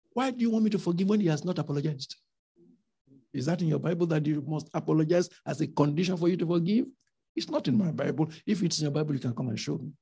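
A man preaching a sermon with emphatic rhetorical questions, swinging between loud and soft delivery. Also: a little high, vocal fry, breathy edge.

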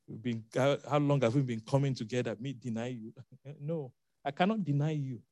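A man preaching, acting out a self-assured male apostle who insists on his loyalty in a quieter, lower voice. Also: normal speed, no room sound, lightly acted. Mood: incredulous. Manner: protesting, incredulous.

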